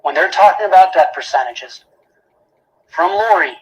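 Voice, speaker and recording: Husky-voiced man arguing before a jury. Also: fairly high pitch, moderate pace, dull audio. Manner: emphatic, repeats key phrases, rhetorical questions. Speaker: prosecutor. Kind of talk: courtroom closing argument. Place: courtroom.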